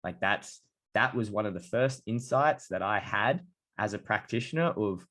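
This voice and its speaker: A man hosting a podcast, chatting casually and telling stories in a relaxed way. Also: lowish voice, normal speed. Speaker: podcast host, dietitian. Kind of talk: casual interview chat.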